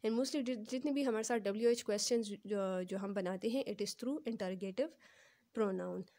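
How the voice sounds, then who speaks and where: A young woman teaching English grammar, switching between English and Hindi and slowly repeating each example sentence. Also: medium pitch, mellow. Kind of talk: explaining grammar in a lesson.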